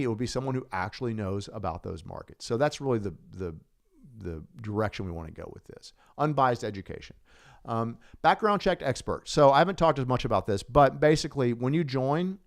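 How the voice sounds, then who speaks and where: Excited man presenting a live online course. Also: on the low side. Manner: enthusiastic, casual with fillers and restarts.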